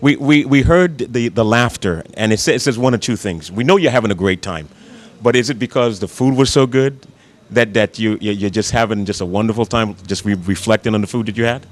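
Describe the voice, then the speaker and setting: A man's voice: fairly low pitch, fairly quick. A man hosting a TV show, interviewing staff and diners on location in a restaurant, with a chatty manner and lots of repeated words as he builds up each question. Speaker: TV show host.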